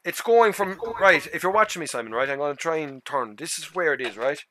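A man's voice: a little high, lively intonation, brisk, a crowd in the background. An Irish man chatting casually on a game live stream, rambling, swearing and joking with his mates. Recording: loud game engine noise behind.

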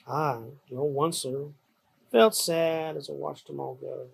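A storyteller giving an expressive, sing-song rhyming storybook read-aloud. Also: medium pitch, unhurried, gravelly, husky.

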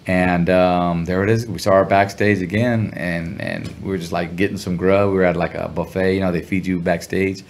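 A middle-aged man telling a story as an interview guest, relaxed and full of slang. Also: low-pitched, normal speed, hardly any pauses, slight background noise. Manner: laid-back, chuckling, heavy slang. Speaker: guest musician.

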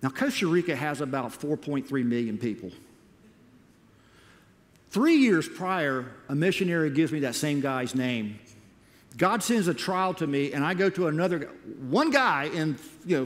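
Telling a sermon story in a big church auditorium, this US man speaks at a normal speed in a slightly high voice. The missionary speaker gets animated and performs his own past lines, with the hall's reverb trailing long behind him.

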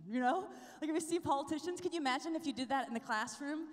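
Woman preacher, high voice, energetic and chatty, live in a big echoing hall. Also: fast talker. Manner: energetic, chatty, asks the crowd "right?" often. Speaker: speaker at a youth conference. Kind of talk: lively preaching talk. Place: large conference hall with a live crowd.

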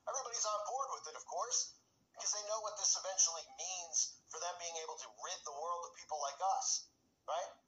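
A commentary channel host rants in an agitated way, his high voice fairly quick and sharp-toned, in a reverberant, rough recording. He often tags his points with "right?" and mocks the people he quotes.

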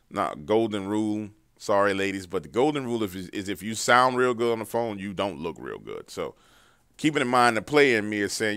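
A man's voice: fairly low pitch, expressive, moderate pace, sharp tone, clear, resonant tone, no room sound, clean studio sound. A man hosting a paranormal story show, casually retelling callers' encounters in a loose, profane, conversational way while driving.

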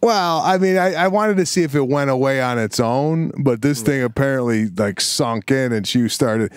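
A middle-aged man in relaxed podcast talk, his voice sitting at a medium pitch. He speaks earnestly and slips into a low, calm tone when quoting himself as a parent. The sound is close and dry. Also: normal speed, smooth, dry recording. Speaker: podcast co-host. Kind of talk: casual chat.

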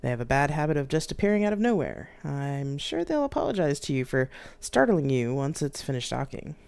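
A woman voicing a calm station captain who gives brisk orders to the crew. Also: low voice, creaky, clean tone, exaggerated voice. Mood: commanding.

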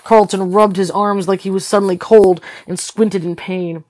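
A woman reading a novel aloud as a tired read-along host, steady with occasional slips and corrections. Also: medium pitch, normal speed, no room sound. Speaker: storybook reader.

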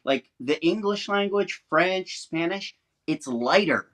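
Animated male talk show co-host. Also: sits high, takes it slowly. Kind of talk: casual chat.

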